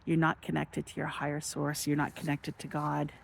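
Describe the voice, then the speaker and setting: A woman vlogging casually, telling a story with animated, excited bursts and then slowing into reflective spiritual musing. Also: sits low, creaky.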